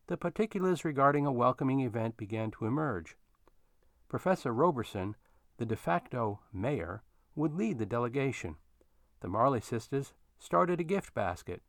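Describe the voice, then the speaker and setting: A man narrating a story in an expressive storytelling manner. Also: medium pitch, moderate pace, dry recording, studio quality.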